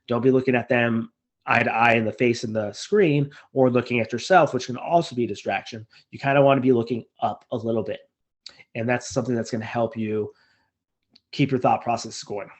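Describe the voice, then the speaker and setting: A man, a physician, giving casual spoken advice from a list, talking in a relaxed, conversational way with frequent ums and uhs. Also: mid-range voice, fairly quick.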